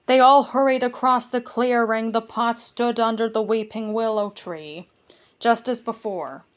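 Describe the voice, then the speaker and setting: Slow, gentle bedtime storyteller woman. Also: fairly high pitch, fairly even intonation.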